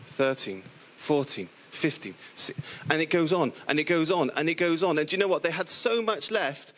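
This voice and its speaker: A middle-aged man from the area preaching a lively, playful sermon, acting out the characters in the stories he tells. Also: fairly high pitch, normal speed. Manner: playful, animated storytelling with voiced characters.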